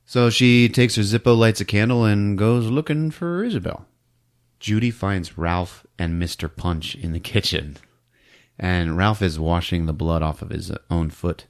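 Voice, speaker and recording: A man's voice: low voice, measured pace. A man hosting a podcast, recapping a movie in a casual, giggly storytelling way. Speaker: podcast host.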